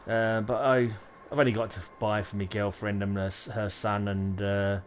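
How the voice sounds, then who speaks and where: A man's voice: lowish voice, little pitch movement, moderate pace, a little hiss or hum. A man, chatting casually on a game livestream and muttering to himself while he builds. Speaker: game streamer.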